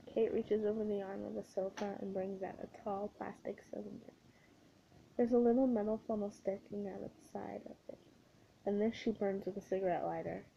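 A woman reading a comic story in first person, with wry, breathy asides. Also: medium pitch, mellow, dull audio, slight background noise. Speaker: audiobook reader.

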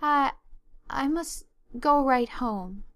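A woman voicing a dazed, unsteady young girl who speaks slowly, thickly and dully. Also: high-pitched, a bit bright, no room sound, clean studio sound, voice pushed up, exaggerated voice. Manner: slow, thick, dull repetition.

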